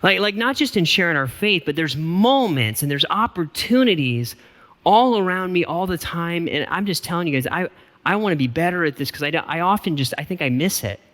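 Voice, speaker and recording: Animated pastor in a reverberant hall. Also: male voice, a little high, fairly quick. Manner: casual, self-deprecating, animated storyteller. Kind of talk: conversational sermon storytelling. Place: church auditorium.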